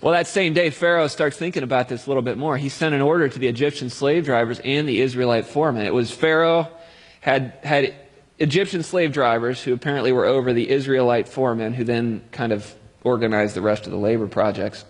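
A man's voice: mid-range voice, a little fast, slightly rough, long reverb tail. A man preaching a sermon in a conversational way, with jokey everyday analogies.

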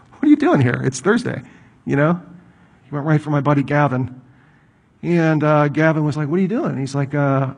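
A man's voice: a little high, darkish tone, husky. A middle-aged man preaching a sermon, telling stories in a conversational way and asking rhetorical questions. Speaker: pastor.

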